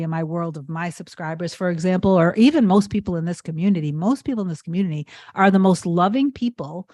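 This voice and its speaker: A woman hosting a live question-and-answer stream as a spiritual coach, talking casually with lots of "like" fillers and slowing down to stress points. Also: on the low side, dry recording, clean studio sound. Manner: warm, chatty, frequent laughs and "like" fillers. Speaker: manifestation coach hosting a livestream.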